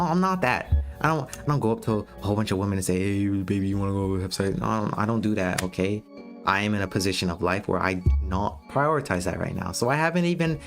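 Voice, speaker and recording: An American man talks straight at his viewers in a casual livestream, blunt and profane as he lectures. His pitch swings up and down a lot as he talks. A little music plays quietly behind him. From United States. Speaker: streamer giving dating advice.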